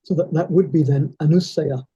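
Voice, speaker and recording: A male student asks tentative questions in a language class. His voice is husky and very dark, with a slightly raised pitch. The recording sounds dull and lo-fi. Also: moderate pace.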